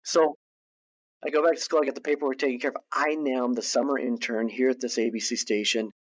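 A man's voice: mid-range voice, fast. A man, a guest on a podcast, tells a story in a casual way, often restarting and repeating his words. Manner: animated anecdote-teller who restarts and repeats words. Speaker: guest, TV producer and director.

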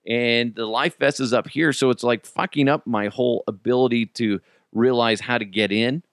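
A man, the host of a podcast, telling a story in a casual, animated way, swearing freely and laughing as he goes. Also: mid-range voice, normal speed, no echo, studio quality. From United States.

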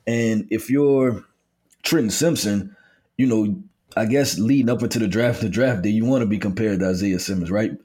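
A man with a fairly low voice co-hosts a relaxed football podcast. He speaks in a measured, conversational way, using fillers as he poses questions to his partner. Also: husky. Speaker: co-host, football analyst. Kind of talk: casual sports analysis chat.

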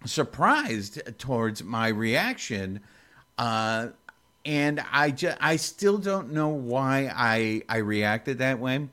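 A man's voice: mid-range voice, fairly bright tone. A man co-hosting a casual podcast, telling a story in a rambling, emotional way with many restarts. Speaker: podcast co-host. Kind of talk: casual chat.

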